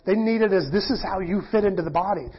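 A middle-aged pastor teaching in a casual, self-deprecating sermon, often acting out quoted voices. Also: male voice, sits high, fast talker, slightly rough. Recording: dull lo-fi church audio.

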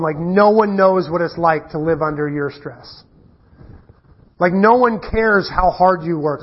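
A middle-aged man preaching a conversational sermon, telling stories in a casual, self-deprecating way with frequent restarts. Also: high voice. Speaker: pastor. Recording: dull muffled lo-fi recording.

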